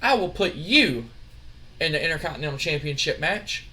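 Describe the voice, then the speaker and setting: A man voicing a scheming young male wrestling executive who talks in a smooth, wheedling way. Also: a little high, big pitch swings, normal speed, pushed and bright.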